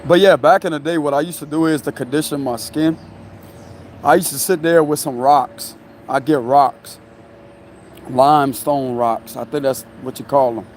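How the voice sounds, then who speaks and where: Broadcasting live from outside, by a tree and passing traffic, this male tarot reader talks in a fairly high, fairly even voice, unhurried and with long pauses, over slight background noise. His casual stream chat rambles, full of laughter and the tag "you know what I'm saying."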